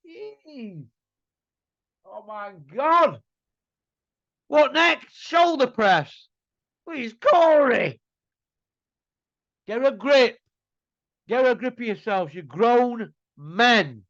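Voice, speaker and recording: A man's voice: very high voice, a bit bright, dry recording, muffled recording. Blunt ranting man. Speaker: host. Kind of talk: casual ranting commentary.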